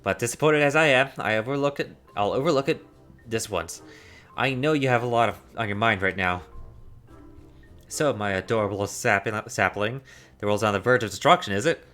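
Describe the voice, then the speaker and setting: Guy doing a vain doting fey spirit, slow sing-song lines, quiet game music behind. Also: fairly low pitch, close to an everyday voice. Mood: theatrical.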